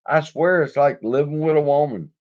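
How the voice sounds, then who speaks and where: A man's voice: a little high, moderate pace, lo-fi sound. A man hosting an investing channel, telling rambling, profane stories with frequent laughs in a casual chat. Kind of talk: casual storytelling livestream.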